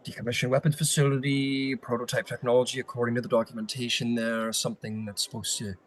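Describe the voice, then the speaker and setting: A man's voice: mid-range voice, little pitch movement, fast talker, close to an everyday voice. Man voicing a shady male arms dealer, hesitant, eager to sell, tabletop game. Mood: wheedling.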